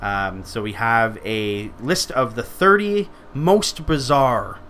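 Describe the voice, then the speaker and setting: A man's voice: mid-range voice, slow pace, a bit bright, a little hiss or hum. A man hosting a podcast in casual chat, teasing and profane. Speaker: podcast host.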